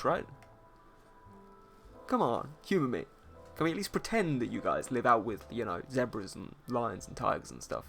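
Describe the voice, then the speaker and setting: A man's voice: mid-range voice, big pitch swings, normal speed, vocal fry, a bit bright, faint music behind. A man with a posh British accent, hosting a casual art livestream and chatting and teasing his viewers in a playful way. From England. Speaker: art streamer host.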